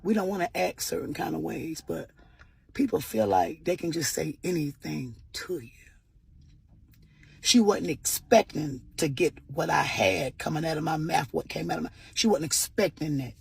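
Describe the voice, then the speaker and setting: A woman's voice: low voice, moderate pace, creaky, darkish tone, breathy edge. A woman earnestly telling a personal story in a vlog, often repeating "I said" and offering religious encouragement. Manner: earnest, repeats "I said" while retelling. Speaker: vlogger.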